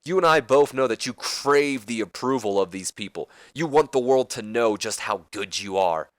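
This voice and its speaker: A man voicing a brash, cocky male wrestler who loudly taunts and challenges the champion in a wrestling game promo. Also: mid-range voice, expressive, moderate pace, dry recording, studio quality, close to an everyday voice. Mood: challenging. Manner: taunting, challenging, raised and loud.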